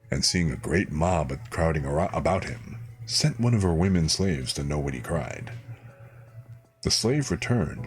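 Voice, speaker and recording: A man calmly reading a fairy tale aloud as a bedtime story, unhurried, with small slips he corrects. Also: rumbling low. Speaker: streamer reading fairy tales.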